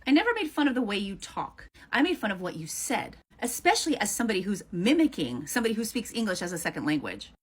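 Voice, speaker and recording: A woman's voice: mid-range voice, very animated, fast talker, hardly any pauses, breathy edge. A woman answering a critic in a heated response video, blunt and confrontational, swearing freely.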